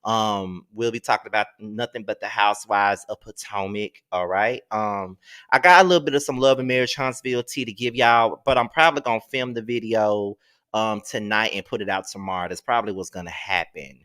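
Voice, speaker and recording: A man's voice: fairly low pitch, fairly quick, pushed and bright. A man hosting a gossip commentary show, ranting in a blunt, slangy, exasperated way. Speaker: host. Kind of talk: casual commentary rant.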